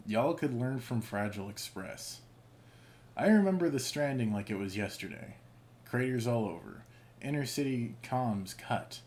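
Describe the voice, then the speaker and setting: A man voicing a gruff, folksy old rural elder with a Southern accent, read aloud from in-game messages. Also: medium pitch, lively intonation, a little slow, a little mellow, slight background noise, close to an everyday voice. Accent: American Southern.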